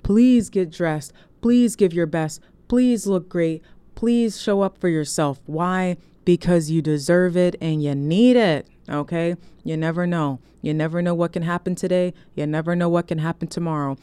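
Low, mellow woman giving a rambling pep talk. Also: moderate pace, smooth, no echo. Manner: rambling, warm pep talk with digressions and shout-outs. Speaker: show host. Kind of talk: casual motivational radio-style talk.

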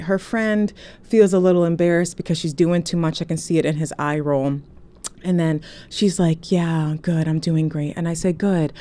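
Chatty woman telling a story, mellow voice. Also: fairly low pitch. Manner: chatty, animated, frequent "okay?" asides. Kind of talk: casual storytelling vlog. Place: indoors, recording on a phone. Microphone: phone.

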